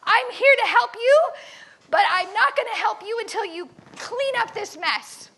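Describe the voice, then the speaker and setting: Earnest young missionary woman, worried yet brave, very high bright voice, read by a woman. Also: lively intonation, normal speed, a little hiss or hum, heavily acted, poor audio. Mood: firm.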